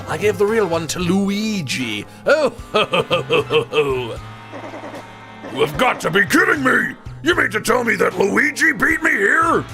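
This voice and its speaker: Brief: blustering game villain king, a man voicing him, raspy-edged, swings wildly in pitch. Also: full character voice. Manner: loud bragging shouts. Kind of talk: video game voice-over.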